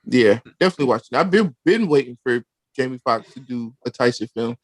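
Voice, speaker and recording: Relaxed man, dry close sound. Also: mid-range voice, fairly quick, dry recording. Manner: relaxed, hesitant with many ums. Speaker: podcast co-host. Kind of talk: casual chat.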